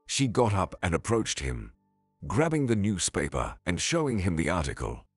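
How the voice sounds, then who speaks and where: A man narrating a scripted drama story in an even, storytelling way. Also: sits low, normal speed, husky, no room sound, studio quality. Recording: faint music behind.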